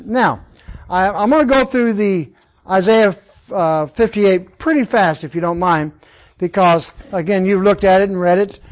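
A man with a fairly high voice leads an informal Bible class. He talks in a relaxed, conversational way and walks through the verses one at a time. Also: poor audio. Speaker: Bible study teacher.

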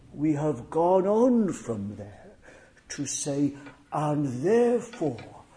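A male preacher delivering a sermon, slow and emphatic, often dropping to near whispers. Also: high-pitched, dark tone.

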